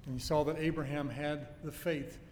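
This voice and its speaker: A man with a slightly higher voice delivers an earnest teaching sermon and leans hard on key words. His voice rings through a church hall with a long reverb, and a faint low rumble sits underneath. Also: fairly even intonation, normal speed. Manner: earnest teaching with emphatic stresses and homely anecdotes. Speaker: preacher. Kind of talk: expository sermon.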